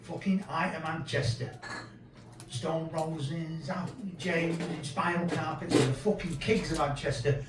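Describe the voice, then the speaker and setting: A man in his fifties with a Yorkshire accent, doing a sweary, deadpan stand-up set in a small pub room. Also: fairly high pitch, measured pace, roomy sound, far from the mic, loud music behind the voice, poor audio. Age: 50s. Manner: crude, swearing, deadpan storytelling. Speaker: stand-up comedian. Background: audience laughter.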